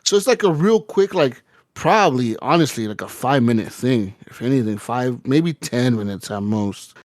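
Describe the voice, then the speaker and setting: A man telling a story on a casual podcast, his voice sitting at an ordinary middle pitch. He rambles and swears freely as he goes. The recording is dry, with almost no room sound. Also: expressive, normal speed, a little mellow, dry recording. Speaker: podcast co-host. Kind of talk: casual chat.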